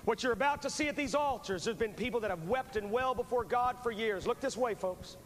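A man's voice: very high-pitched, a little fast. A man preaching as an evangelist at a revival service, fervent and urgent, repeating his phrases as he pleads with the crowd, on a poor VHS recording from a large church. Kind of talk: revival sermon with altar call. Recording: poor VHS recording with long hall reverb and faint hiss.

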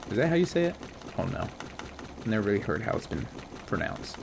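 Gravelly, excitable male gamer. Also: deep voice, a little fast, pauses often, noisy background. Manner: excitable, chats to the creatures he tames. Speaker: gaming channel host. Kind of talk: casual let's-play commentary.

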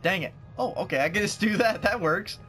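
A man's voice: sits high, animated, fairly quick, a bit bright, a little hiss or hum. A young man giving playful, joking commentary while playing a video game, talking trash at the enemies. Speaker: gaming youtuber.

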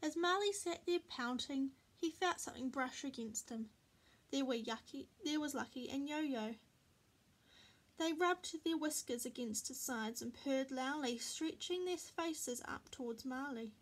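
Brief: bright, high-pitched woman as a teacher reading a picture book to kids. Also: a little slow. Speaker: storyteller teacher.

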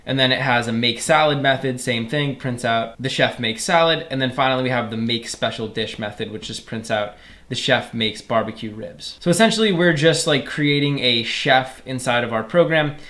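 A man's voice: mid-range voice, normal speed, a bit bright. Man explaining code in a casual tutorial. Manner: casual, explains step by step, addresses viewers as "you guys". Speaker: programming instructor. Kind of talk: screen-recorded coding tutorial.

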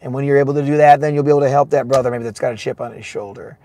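A man preaching a sermon in a casual, excitable way, often laughing, swinging between shouts and hushed asides and saying "man" a lot. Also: mid-range voice, very fast.

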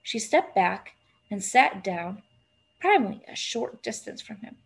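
A woman narrating a storybook aloud in an expressive, lively storytelling manner. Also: mid-range voice, a little slow, gravelly, breathy edge. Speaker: reader.

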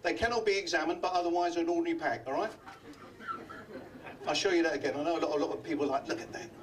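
Older man from London, comedy magician, high voice, teasing club banter, distant mic. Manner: chatty, teasing the audience with quick gags. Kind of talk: live club comedy act. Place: function room of a hotel.

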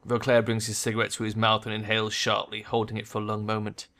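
A man's voice: on the low side, completely flat delivery, fast, hardly any pauses, sharp tone. A man narrating a game playthrough, reading the text aloud with casual, jokey asides. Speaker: let's play narrator.

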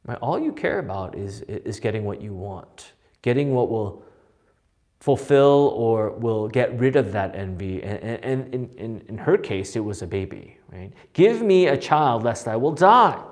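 A man's voice: lowish voice, unhurried. A man teaching a Bible study in a conversational way, often asking "right?" and restarting his sentences. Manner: animated, asks frequent rhetorical "right?" with many restarts.

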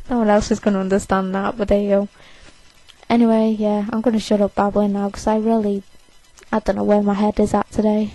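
A woman's voice: medium pitch, little pitch movement, brisk, warm tone, dry recording, poor audio. An eighteen-year-old woman, overtired, rambling defiantly and self-consciously in a casual to-camera rant. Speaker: vlogger.

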